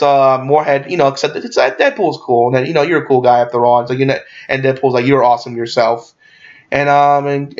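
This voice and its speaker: A man giving a casual movie review, rambling and swearing, with lots of fillers and restarts. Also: a little high. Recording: dull lo-fi recording.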